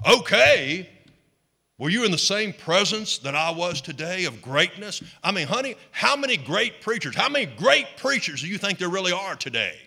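A man's voice: sits high, very animated, normal speed, vocal fry, sharp tone, husky, voice pushed up, full character voice. A man voicing a pompous, prideful preacher who indignantly boasts and fishes for praise from his wife. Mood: indignant boasting.

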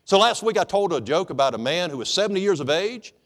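A man's voice: high voice, expressive, fast talker, fairly bright tone. Folksy preacher man. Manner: folksy, joking, calls for amens. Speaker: pastor. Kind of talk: sermon.

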